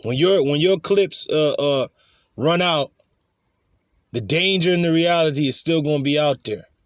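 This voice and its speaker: A man delivering a blunt, scolding commentary in the manner of a street preacher, often stumbling and repeating words. His voice sits a little high for a man. The recording is dry, with no room sound. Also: moderate pace, no echo. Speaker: online preacher commenting on news clips.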